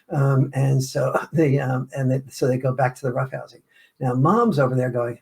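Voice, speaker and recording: Brief: gravelly male author guest, explanatory, acts out examples. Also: medium pitch, moderate pace, a little mellow. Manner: explanatory, illustrates points with acted-out family scenes. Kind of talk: interview answers.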